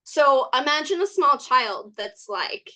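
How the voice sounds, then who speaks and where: Podcast guest: a Californian woman, high voice, animated, casual, full of "like" fillers. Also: takes it slowly. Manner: animated, laughs often, many "like" fillers. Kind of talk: casual storytelling chat.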